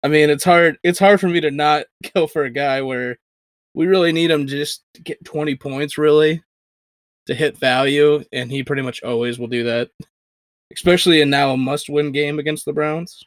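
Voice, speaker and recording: A tired man in his twenties banters on a sports podcast, dry and wry, laughing between jokes. His voice sits at a middle pitch and is recorded close and dry, with no room sound. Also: normal speed, dry recording. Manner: wry, joking, laughs often. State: tired from little sleep. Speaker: podcast co-host. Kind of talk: casual sports podcast chat.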